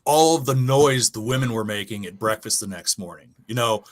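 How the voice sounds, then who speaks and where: A man casually telling a profane, animated ghost story from his Navy days. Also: fairly low pitch, brisk. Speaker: guest storyteller.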